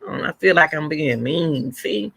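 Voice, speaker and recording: Woman, middle-aged, livestream host, gravelly, bright, rambling chat with viewers. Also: low voice, lively intonation, normal speed. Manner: chatty, rambling, answers viewer comments aloud. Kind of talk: casual livestream commentary.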